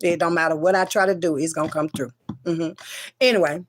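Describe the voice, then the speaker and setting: A woman telling an emotional personal story as a mother, profane and emphatic, swinging between loud outbursts and low murmurs with many repeated refusals. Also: fairly even intonation, brisk, slight background noise.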